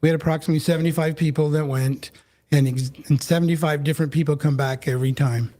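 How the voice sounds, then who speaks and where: A man's voice: fairly high pitch, steady tone, fast talker, warm tone. A man who is a pastor, talking earnestly and steadily as a guest in a casual interview.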